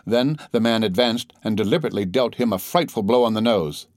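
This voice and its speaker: A man reading an audiobook in measured, dramatic storytelling. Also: lowish voice, darkish tone, no echo, clean studio sound. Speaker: audiobook narrator. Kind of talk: scripted audiobook narration.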